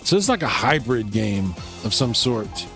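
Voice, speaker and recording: A man's voice: on the low side, big pitch swings, measured pace, fairly bright tone, faint music behind. A man hosting a casual live gaming stream, chatting and reacting to viewer comments while he plays. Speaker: livestream host.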